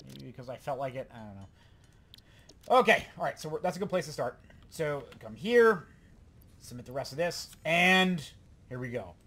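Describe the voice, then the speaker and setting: A man hosting a let's play, giving excitable, rambling gameplay commentary and talking to himself. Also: mid-range voice, moderate pace, long pauses.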